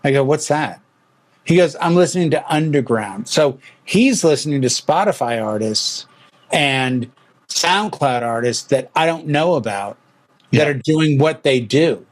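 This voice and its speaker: A man's voice: mid-range voice, unhurried. A middle-aged man hosting a casual music talk show, telling stories and acting out quotes. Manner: animated storyteller, acts out quotes. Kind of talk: casual chat.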